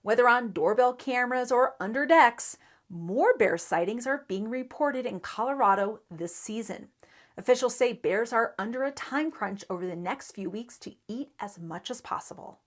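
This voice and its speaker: A woman reporter reading a local news story in a measured, even newsreader delivery. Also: fairly high pitch. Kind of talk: scripted news narration.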